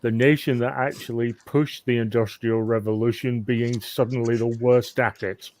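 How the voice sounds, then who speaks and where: A man from Manchester talks at a middle pitch as a tabletop player. He stammers and restarts often, sounding amused throughout. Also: steady tone, moderate pace, darkish tone. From Manchester, England. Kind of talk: casual game chat.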